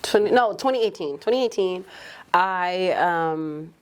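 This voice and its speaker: Smooth, unhurried and fairly low in pitch, this twenty-something woman's voice carries a frank podcast interview. A journalist by trade, she shares her story openly and brings quotes to life by performing them.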